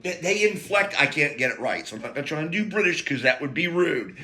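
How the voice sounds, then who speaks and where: A man's voice: a little high, expressive, quick pace, pushed and bright. An American man telling a rambling, profane story in a casual monologue, full of jokey asides and broken-off sentences. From United States.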